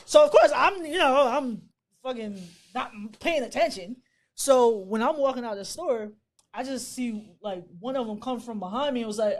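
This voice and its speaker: Animated laughing woman podcast host. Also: a little high, moderate pace. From Bermuda. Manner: animated, laughing, swearing freely. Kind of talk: casual storytelling chat.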